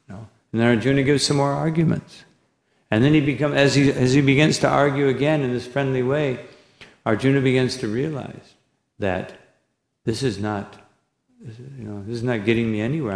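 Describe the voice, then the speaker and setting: Speaking in a mid-range voice with vocal fry, this monk delivers a rambling scripture lecture, frequently adding "no?" and "you know" and reciting verses in Sanskrit. The recording comes from a temple hall and is echoey.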